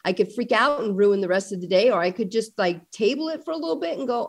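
A middle-aged woman, a parent guest in an interview, telling family stories with lively acted-out dialogue. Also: medium pitch, fast, hardly any pauses. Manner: animated storyteller acting out family dialogue. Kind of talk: conversational interview storytelling.

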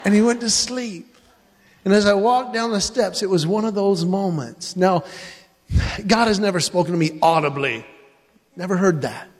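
A man with a high, light voice tells a faith-based family story, bringing it to life by acting out the dialogue. His words ring with the long reverb of a large hall. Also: moderate pace. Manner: animated, acts out dialogue in voices. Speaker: speaker telling a family story to an audience.

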